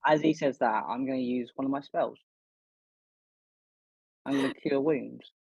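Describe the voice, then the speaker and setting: A man's voice: mid-range voice, fairly even intonation, a little slow, gravelly, darkish tone, husky. A man playing in a tabletop role-playing game, describing what his character does in a hesitant, filler-heavy way. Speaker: player. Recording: dull, dry lo-fi recording.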